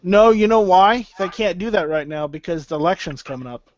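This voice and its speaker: A man co-hosting a casual podcast chat, tossing out quick joking replies. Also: high voice, lively intonation, no echo. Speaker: podcast co-host. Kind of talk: casual pre-show chat. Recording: dry, dull voice call.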